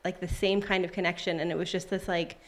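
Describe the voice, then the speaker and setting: On the low side and quick, this woman's voice shows little pitch movement. She is in her thirties and at a church service, where she tells a personal testimony in a warm, conversational way full of fillers before reading scripture aloud.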